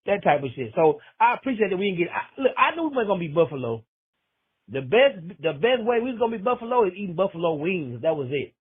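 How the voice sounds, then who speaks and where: A man's voice: a little high, expressive, fast talker, slightly rough. A man leaving a rambling, joking voicemail full of slang. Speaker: voicemail caller. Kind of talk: casual phone message. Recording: tinny phone line.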